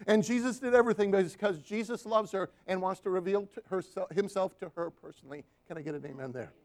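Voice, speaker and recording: A quick-paced man with a high voice preaches with few pauses. He spins lively stories from his counseling experience, urging the congregation to respond with amens.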